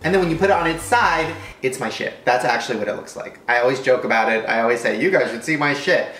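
A man's voice: mid-range voice, fast, a bit bright, echoey room, a little hiss or hum. A man rambling crudely and swearing through a comedic food-tasting vlog. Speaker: vlogger.

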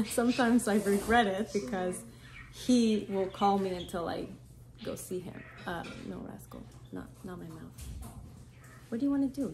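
A woman chats casually at home while filming her parrot, her voice switching between easy explanation and a playful, coaxing sing-song aimed at the bird. The recording is full of loud background noise, with birds chirping and squawking behind her. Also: mid-range voice, normal speed, vocal fry. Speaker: vlogger, parrot owner. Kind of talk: casual home vlog talk. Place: home, near a birdcage.

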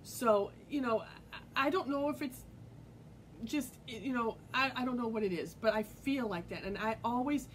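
A woman talks straight to her viewers, telling a personal story in a casual, earnest way. She rambles and restarts, with lots of fillers. A faint low rumble sits behind her voice. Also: moderate pace, rough recording. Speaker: vlogger.

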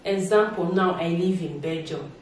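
A woman's voice: lowish voice, moderate pace, far from the mic, a little hiss or hum. A woman with a Nigerian accent talking casually to camera, making her points emphatically, repeating herself and tagging lines with a rising "okay?". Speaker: vlogger. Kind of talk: casual reaction vlog talk. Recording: very echoey room, voice away from mic.

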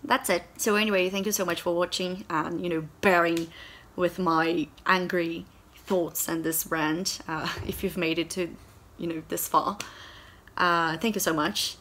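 Young female book vlogger, heated sarcastic rant, sweary and animated. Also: fairly low pitch, measured pace. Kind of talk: angry book review rant.

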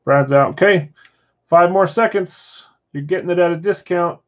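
A man hosts a live card-break stream from his house, talking casually and answering viewer comments as he goes. His voice sits a little high. The audio is slightly dull and lo-fi. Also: normal speed. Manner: chatty, reads viewer comments aloud. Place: house with a floor above.

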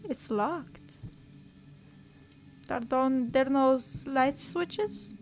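A woman's voice: sits high, extremely slow. A young woman giving casual horror gameplay commentary, joking, sarcastic and swearing freely. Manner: swears a lot, jokey and sarcastic. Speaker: let's play gamer.

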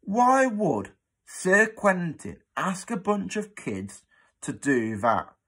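Gravelly, suspicious old cleaning lady, put on by a man for a storybook, blunt and demanding, slow and raised in pitch. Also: big pitch swings, a bit bright, heavily acted. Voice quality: deep and gravelly.

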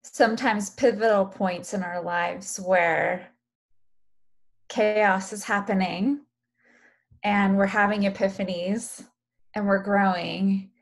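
A woman's voice: mid-range voice, steady tone, slow pace. A woman leading a group session, speaking in a reflective way and thanking participants. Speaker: workshop facilitator. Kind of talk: group facilitation.

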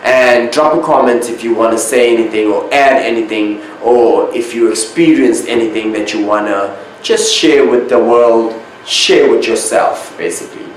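Male spiritual host, unhurried monologue, emphatic repeats, boomy room with faint background hiss. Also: heavy reverb, rough recording. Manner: slow, drawn-out, repeats key words for emphasis.

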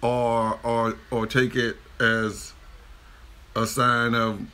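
A man with a bright, forceful voice chats casually while reacting to a video. He jokes easily and gets animated, restarting sentences and trailing off mid-thought. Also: mid-range voice, extremely slow, clean tone. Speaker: reaction video co-host, a father.

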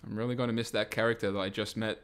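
A young man giving loud, exaggerated let's play commentary, swearing and laughing as he plays. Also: lowish voice, little pitch movement, racing, heavy background noise. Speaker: gamer playing a game.

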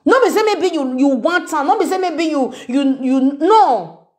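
A woman's voice: high voice, expressive, moderate pace, a little mellow. A woman with a Nigerian Pidgin English accent, ranting and mocking someone in a confrontational commentary video. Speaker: social media commentator. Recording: echoey room.

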